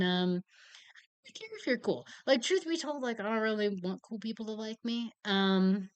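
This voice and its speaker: Young woman rambling on her podcast, bright voice, dry close sound, laughs a lot, swears a bunch. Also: medium pitch, no room sound. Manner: rambling and self-mocking, laughing often, swearing freely. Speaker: podcast host. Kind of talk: casual chat.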